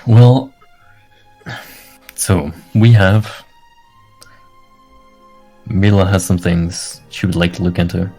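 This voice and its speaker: A man playing a tabletop game, talking in a dry, unhurried way. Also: deep voice, mellow, soft background music. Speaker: player. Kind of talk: casual tabletop game banter.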